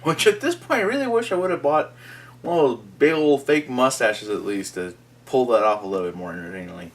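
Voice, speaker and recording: A young man from Mexico hosts a casual morning vlog, his medium-pitched voice lively in intonation and brisk in pace. He jokes around and laughs through his lines as he talks.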